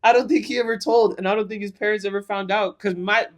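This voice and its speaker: A man's voice: high voice, fast. A young man co-hosts a casual podcast and tells a story with lots of energy. He swears freely and acts out what other people said as he goes. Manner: animated, swears a lot, acts out quotes. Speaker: podcast co-host.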